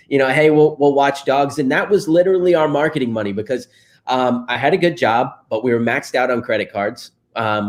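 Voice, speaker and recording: Man, interview guest, middle-pitched voice, chatty, laughs often, lots of fillers. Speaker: interview guest, real estate investor. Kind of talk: casual interview chat.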